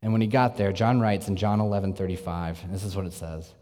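Male preacher, lowish register, earnest sermon delivery with quiet intense drops, long hall reverb. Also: fast talker. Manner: earnest preaching, swings from energetic to hushed and intense.

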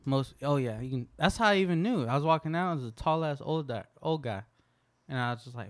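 A woman's voice: sits low, lively intonation, fast, no room sound. Woman, young adult, podcast co-host, casual chat, profane storytelling, dry close sound.

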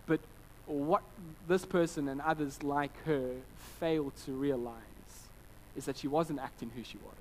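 A man in his thirties preaching a sermon, telling family stories between scripture readings and acting out quoted voices with lively restarts. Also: on the high side, measured pace, slight background noise, poor audio. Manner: conversational preaching with anecdotes, frequent restarts and animated quoted voices. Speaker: pastor.

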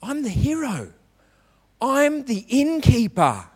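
A man's voice: extremely high pitch, wildly swooping pitch, slow, darkish tone, husky, pitched above the performer's own voice, exaggerated voice. A man voicing an eager young boy. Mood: insistent. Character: excited young boy in a nativity play.

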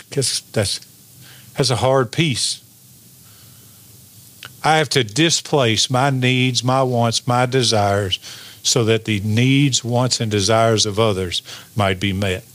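A man's voice: medium pitch, fairly bright tone. A male pastor preaching a sermon, stretching out key phrases and asking the congregation for an "amen". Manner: preaches with call-and-response, draws out key lines slowly.

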